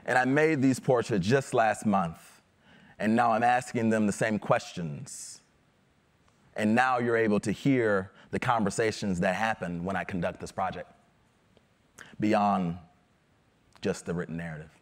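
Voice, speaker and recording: A photographer giving a conference talk about his project, measured and explanatory, with a few fillers. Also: on the low side.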